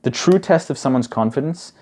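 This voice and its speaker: A man's voice: mid-range voice, lively intonation, fairly quick, a little mellow. A young man giving casual advice as a coach, chatty and full of "like" and "bro". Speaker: study coach.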